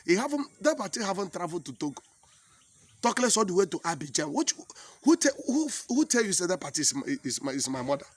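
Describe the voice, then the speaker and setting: A man from Nigeria with a Nigerian accent and an Igbo mother tongue, telling a comic story in pidgin English, animated and exclaiming, often repeating himself. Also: high-pitched, fast.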